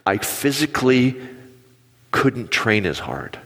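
A man's voice: mid-range voice, slow, slightly rough. A man in his forties preaching a sermon on stage, telling stories and acting out quotes with animation. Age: 40s. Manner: animated storytelling with acted-out quotes. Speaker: pastor. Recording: long hall reverb.

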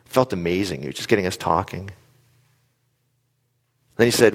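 Male speaker, very low voice, animated storyteller who quizzes the audience, long hall reverb. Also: moderate pace, long pauses. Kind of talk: live motivational talk.

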